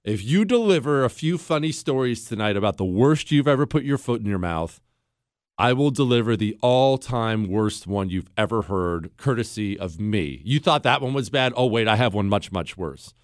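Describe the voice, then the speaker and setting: Animated male radio talk host, dry studio sound. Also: on the low side, moderate pace, dry recording. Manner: animated storytelling, mock-outraged quoting. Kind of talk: radio talk show monologue.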